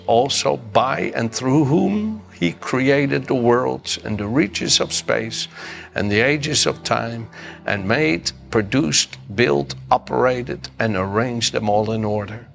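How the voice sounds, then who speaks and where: A man's voice: medium pitch, vocal fry, a bit bright. An older man preaching a sermon as pastor, impassioned and repeating phrases for emphasis.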